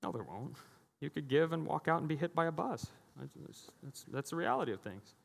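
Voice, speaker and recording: A man's voice: a little high, big pitch swings, fairly quick, gravelly. A middle-aged man preaching a sermon as pastor, conversational and jokey, acting out the voices he quotes. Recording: long hall reverb.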